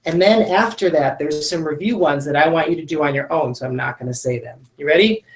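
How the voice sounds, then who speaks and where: A woman teaching a phonics lesson to children, speaking patiently and sounding out each sound slowly. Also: low voice, echoey room. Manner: slow, patient, models sounds clearly.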